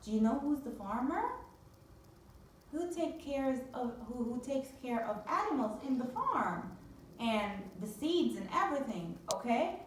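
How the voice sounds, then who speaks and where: A woman teaching a phonics lesson to young children, with drawn-out, sing-song repetition drills. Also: on the high side, expressive, distant mic, slight background noise. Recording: very echoey room, voice from off-mic.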